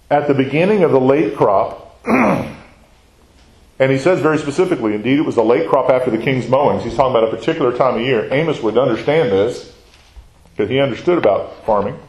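This Bible study teacher has a mid-range, slightly mellow voice, captured poorly in an echoey room. After reading passages aloud, he unpacks them in a chatty way, often firing questions at the class and adding "right?"

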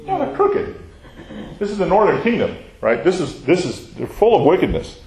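In a roomy space with poor audio, a man with a high, sing-song, darkish voice speaks at normal speed while teaching a Bible study class. He reads passages aloud, talks through them casually, and often poses questions, ending with "right?"

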